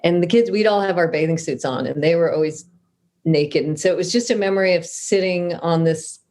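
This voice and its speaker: This lowish, slightly mellow female voice moves at a fairly quick clip. The speaker, a middle-aged Southern Californian author, spins stories as a guest in a relaxed interview, joking at her own expense and frequently starting over.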